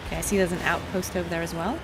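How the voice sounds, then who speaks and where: A woman's voice: lowish voice, level tone, rapid-fire, very noisy. A woman voice actor chatting through a game with lots of fillers and rambling asides. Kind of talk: casual let's-play commentary. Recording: game sounds under the voice.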